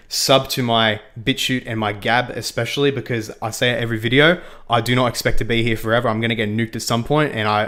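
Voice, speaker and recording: Young aussie bloke rambling on a game stream, laughs a lot, keeps repeating himself. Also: male voice, medium pitch, a bit bright. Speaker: livestream host. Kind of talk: casual gaming livestream chat.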